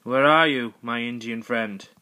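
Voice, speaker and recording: A man's voice: medium pitch, unhurried, bright, forceful tone. A man voicing a bumbling, cowardly male president who rambles and corrects himself.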